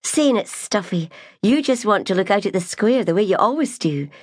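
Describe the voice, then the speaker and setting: A woman with a mid-range, darkish voice, pushed up but close to her everyday one, plays a cheerful, homely young female maid in a chiding mood. She speaks at normal speed with lively intonation, and the recording is clean studio sound with no room echo.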